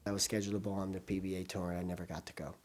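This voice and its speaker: An older man recounting his past in a documentary interview, swinging between loud, emotional bursts and hushed asides. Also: low-pitched, flat delivery, very fast.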